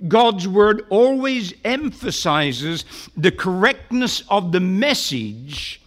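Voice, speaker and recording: Slow, emphatic, high-voiced male preacher. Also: big pitch swings. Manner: deliberate, emphatic, slows for key phrases. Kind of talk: expository sermon.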